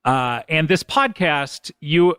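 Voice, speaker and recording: A man hosting a comedy podcast interview, playful and quick to laugh. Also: on the high side, animated, a bit bright, clean tone, no room sound, studio quality. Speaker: podcast host.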